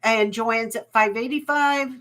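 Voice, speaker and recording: A woman's voice: fairly high pitch, measured pace, fairly bright tone. A woman hosting a live jewelry auction stream, chatty and folksy, laughing often and getting emotional.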